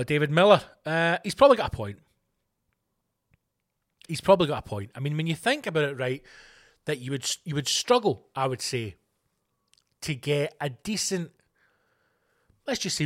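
A Scottish man hosting a podcast, reading news items aloud and ranting about them in a sweary, exasperated way. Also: a little high. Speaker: podcast host.

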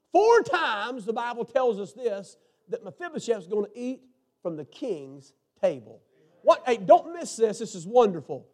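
A man preaching a sermon, swinging between hushed, intimate lines and fervent shouts. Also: high voice.

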